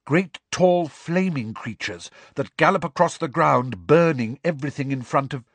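A man voicing a dreamy, eccentric schoolgirl who speaks solemnly and slowly. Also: on the high side, animated, husky, dry recording, pitched above the performer's own voice.

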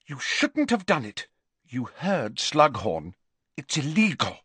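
This is a shrill, earnest teenage girl pushing her point in an audiobook scene, voiced by a man. Her voice sits high above the reader's own and comes across dry and close. She rises and falls a lot as she scolds. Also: wildly swooping pitch, slow pace, fairly bright tone, husky, no echo, heavily acted. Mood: reproachful.

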